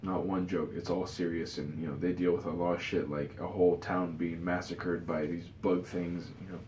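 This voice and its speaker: A man's voice: low voice, level tone, moderate pace, darkish tone, reverberant, a little hiss or hum. A tired man giving his casual opinions in a rambling vlog, full of fillers and restarts. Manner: rambling, many "you know" fillers and restarts. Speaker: vlogger.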